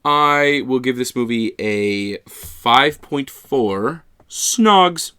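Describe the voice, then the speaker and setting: A man cracks jokes on a podcast with a lively, up-and-down delivery. His voice is bright and clear, at a typical male pitch. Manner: joking, quick wisecracks. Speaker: podcast co-host. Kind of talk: casual chat, film review.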